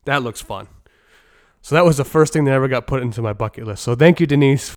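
A man's voice: medium pitch, very fast, darkish tone, dry recording, studio quality. A man hosting a casual movie review podcast, talking in a blunt, opinionated and joking way, with some swearing. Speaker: podcast host.

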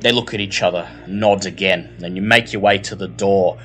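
A man narrating a horror tabletop game as game master, in unhurried, descriptive tones. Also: low voice, fairly even intonation, fairly bright tone, slightly rough, faint music behind.

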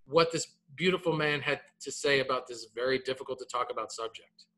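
A man in his thirties co-hosting a casual podcast, animated and repeating his words, tagging "man" onto his sentences. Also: medium pitch, brisk. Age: 30s. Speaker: podcast co-host.

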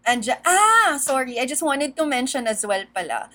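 A Filipino woman with a fairly high voice chats excitedly as a podcast co-host. She moves quickly between English and Tagalog. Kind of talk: casual chat.

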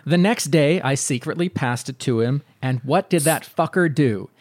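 A man reads a listener's letter aloud on a podcast with dry, steady delivery and the odd wry aside. His voice sits a bit high and sounds close and dry. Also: normal speed, no echo. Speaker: podcast co-host reading listener mail. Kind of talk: reading a listener email aloud.

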